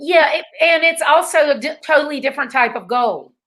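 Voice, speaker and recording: A woman's voice: sits high, fairly quick, fairly bright tone, slight background noise. A woman hosting a casual interview, encouraging her guest with frequent short agreements and asking open questions. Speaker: interview host.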